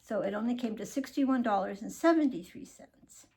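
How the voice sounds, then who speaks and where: A woman's voice: on the high side, expressive, normal speed, background noise. An older woman chatting to viewers as she shows off her grocery haul, rambling and cheerful. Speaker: vlogger showing a grocery haul. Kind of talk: casual chatty haul vlog.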